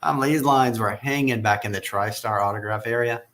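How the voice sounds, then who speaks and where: A man's voice: medium pitch, normal speed, fairly bright tone. A man with a Southern American accent, telling rambling stories in a casual podcast chat and chuckling often. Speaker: podcast guest.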